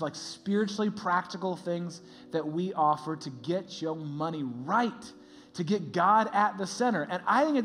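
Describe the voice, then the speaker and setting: Animated male pastor with a higher voice. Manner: animated, conversational, laughs often. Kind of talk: sermon.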